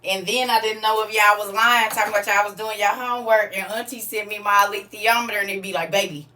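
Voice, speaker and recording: Bright-voiced woman chatting live to viewers. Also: medium pitch, fairly even intonation, quick pace, recorded from a distance, slight background noise. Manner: chatty and preachy, laughs often, talks straight to her viewers. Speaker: live-stream host. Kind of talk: casual live-stream chat to viewers.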